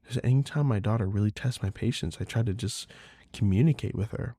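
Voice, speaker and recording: Man, podcast host, candid casual talk, low pitch, dry close sound. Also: brisk, mellow, breathy edge, no echo. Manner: candid, swears freely, many fillers.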